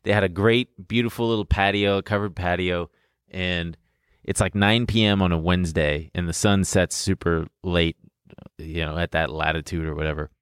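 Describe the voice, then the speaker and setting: A young man chats through a long personal tale, rambling and swearing with bursts of laughter. His voice sits on the low side. The sound is dry and close, with no room echo. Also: steady tone, moderate pace, clean tone. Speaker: podcast co-host. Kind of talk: casual storytelling chat.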